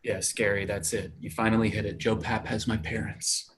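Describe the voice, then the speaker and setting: A man's voice: on the high side, expressive, moderate pace, crowd noise, lightly acted. A man playing a frustrated TV actor. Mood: indignant. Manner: earnest, indignant complaining. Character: frustrated male TV actor, earnest and indignant. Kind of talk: live play reading over video call. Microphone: home computer mic on a video call.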